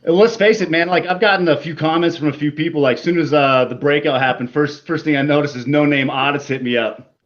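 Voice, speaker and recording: Man, brash and profane stream guest, combative, slightly high voice, muffled call line. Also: a little fast. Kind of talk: casual chat.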